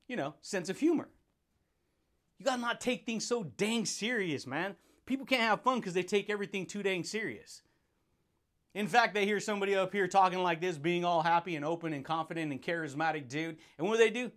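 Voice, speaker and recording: Man, high voice, hyped motivational podcast host, playful, laughs a lot. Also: fairly bright tone. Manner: hyped, playful, laughs often, calls listeners buddy and dude.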